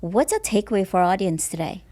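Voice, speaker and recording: A woman's voice: medium pitch, expressive, quick pace, warm tone. A woman hosting an interview podcast, affirming and reflective, with frequent short agreeing replies. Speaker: podcast host.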